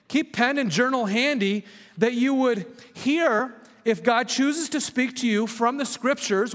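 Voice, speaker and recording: A man preaching a sermon as a pastor, earnest, sometimes dropping to a hushed voice for emphasis. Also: extremely high pitch. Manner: earnest, drops to a hushed voice on key points. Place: church hall with long reverb. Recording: reverberant church hall.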